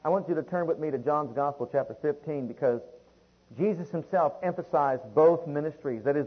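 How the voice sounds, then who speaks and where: Guy preaching a sermon, breathy kinda husky voice, dull muffled recording. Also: on the high side. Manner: reads scripture in King James wording, calls listeners beloved.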